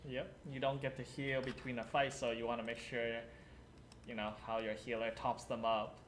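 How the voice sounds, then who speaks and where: Calm man explaining game mechanics. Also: medium pitch, moderate pace, slight background noise. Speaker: co-host. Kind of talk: casual gameplay chat.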